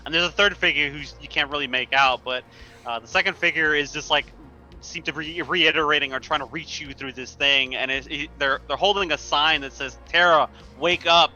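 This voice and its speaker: Bright-voiced male game master, laughing. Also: medium pitch, dull audio. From United States. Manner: laughs often, loose rambling narration. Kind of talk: narrating a tabletop game.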